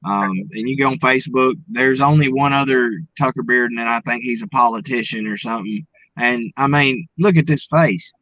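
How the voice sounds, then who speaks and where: Man, arkansas accent, folksy, halting, dull dry lo-fi sound. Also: medium pitch, sharp tone, dry recording. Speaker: interview guest, speaker. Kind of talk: casual interview chat.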